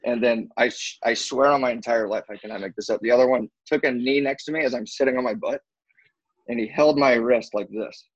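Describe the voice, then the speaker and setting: A man's voice: medium pitch, steady tone, a little fast, breathy edge, dry recording, dull audio. A young man telling a story to friends in a casual chat, acting out the quotes and swearing freely.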